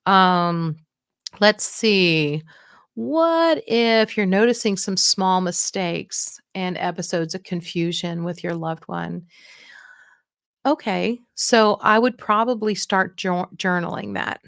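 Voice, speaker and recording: Speaking slowly in a fairly low, creaky yet fairly bright voice, a middle-aged woman hosts a podcast on dementia care. She gives frank, encouraging guidance and performs the quoted voices of others, all in clean studio audio with no room sound.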